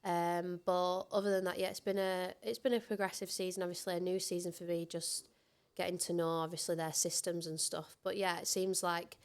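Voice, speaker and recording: A woman's voice: lowish voice, level tone, fairly quick. A woman with a Northern English accent, a rugby league player answering interview questions in a friendly, chatty way with frequent laughs. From Northern England. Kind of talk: casual interview chat.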